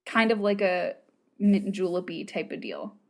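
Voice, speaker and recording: A woman's voice: medium pitch, sing-song, unhurried, a little mellow. An American woman chatting casually as a co-host, rambling along with plenty of fillers and restarts. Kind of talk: casual chat.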